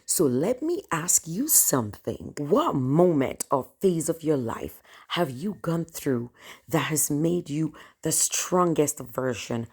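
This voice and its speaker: A woman with a Cameroonian accent tells a personal story straight to her viewers. Her low voice swings widely in pitch, and her delivery is emotional and animated. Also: takes it slowly, husky. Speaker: storyteller vlogger.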